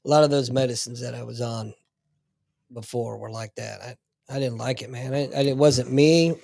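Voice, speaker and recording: A man co-hosting a podcast in casual chat, agreeing supportively and finishing his partner's sentences, often trailing off quietly. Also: mid-range voice, steady tone, moderate pace, vocal fry, dry recording. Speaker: podcast co-host.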